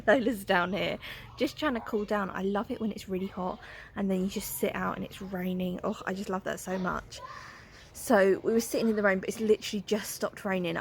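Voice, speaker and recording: A woman's voice: mid-range voice, a little hiss or hum. Chatty young woman vlogging. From England. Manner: chatty and candid, often soft and hushed. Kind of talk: casual personal vlog. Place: at home, then outdoors in a garden.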